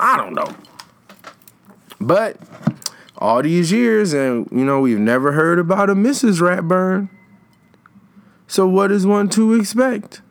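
A young man chatting casually in a rambling, slangy way, trailing off and restarting his thoughts. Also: on the low side. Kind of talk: casual chat.

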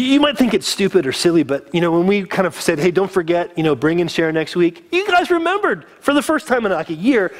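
A man preaching a sermon as a pastor, earnest and conversational, getting teary. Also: very high-pitched.

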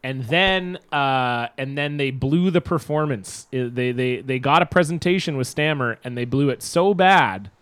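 An energetic man hosting a casual sports podcast in a studio. He tells stories with lively, acted-out quotes. His voice sits mid-pitch, close on a dry mic. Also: a little slow, few pauses, smooth, dry recording. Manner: animated storyteller, acts out quotes. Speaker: podcast co-host.

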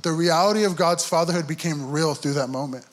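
A man's voice: on the high side, fairly quick. A young adult man giving a heartfelt testimony in church, telling his story earnestly and acting out his inner dialogue. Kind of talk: sermon testimony.

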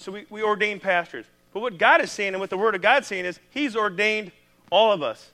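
A pastor with a Midwestern American accent gives a sermon in a conversational, animated manner. His voice is high and his pace moderate.

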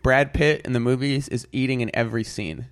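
A man with a medium-pitched voice co-hosts a podcast, talking a little fast in casual chat as he rambles and searches for words. The recording is clean studio sound with no room echo.

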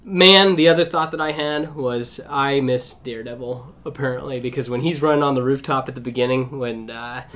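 A man's voice: medium pitch, fairly even intonation, fairly quick, few pauses, a bit bright. A man hosting a casual podcast chat, enthusiastic and often laughing. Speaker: podcast host.

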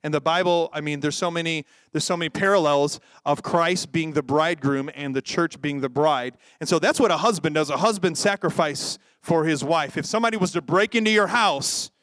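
A man preaching a sermon in a lively, joking way, often acting out quoted voices. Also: on the high side, brisk, few pauses, dry recording, clean studio sound. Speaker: pastor.

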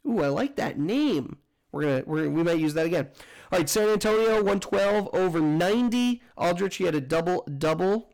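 A man's voice: high-pitched, lively intonation, moderate pace, creaky, a little mellow. A man hosting a casual sports news roundup, reading scores and standings in a loose, chatty way that corrects itself as it goes. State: has the hiccups.

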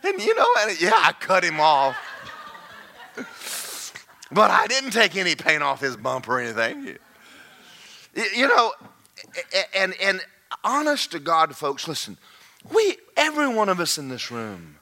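An older male preacher spins a folksy story from the pulpit, his high voice swooping up and down with lively energy. The tone is bright and forceful, breaking into laughter and climbing to shouts as he builds his point. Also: a little slow, creaky, pauses often. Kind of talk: sermon storytelling.

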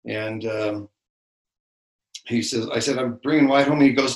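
Older male podcast co-host, rambling anecdotal storyteller, medium pitch, echoey room. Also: fairly even intonation, moderate pace. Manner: rambling storyteller with many restarts and fillers. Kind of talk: casual faith podcast chat.

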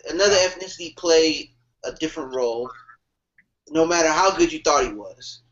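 High lively dude telling stories on a podcast, kinda muffled lo-fi audio. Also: male voice, a little fast, slight background noise. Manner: animated, laughing, swearing storyteller. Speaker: podcast co-host. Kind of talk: casual chat. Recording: dull lo-fi recording.

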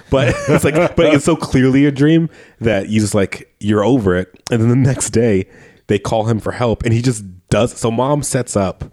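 A man's voice: on the low side, darkish tone. A man co-hosting a casual movie podcast, retelling scenes with frequent laughter and swearing. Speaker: podcast co-host. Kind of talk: casual movie-review chat.

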